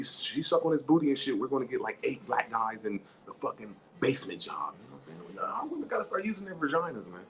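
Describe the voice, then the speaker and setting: A man's voice: mid-range voice, fairly bright tone, slight background noise, rough recording. A man from the United States hosting a casual chat, telling a story in a profane, rambling way. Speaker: host.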